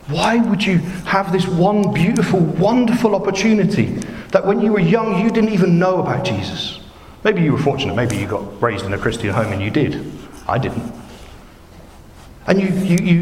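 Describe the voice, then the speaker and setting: A man preaches a sermon in an earnest, emphatic way, driving his points home with rhetorical questions. His voice is fairly high with a darkish tone and a slight hiss or hum. The recording sounds like an echoey hall with long reverb.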